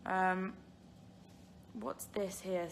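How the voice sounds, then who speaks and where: Very slow and creaky, her medium-pitched voice stays steady, and there's slight background noise. She's a young British woman live-streaming from her phone, casually answering viewers and rambling with lots of fillers and giggles.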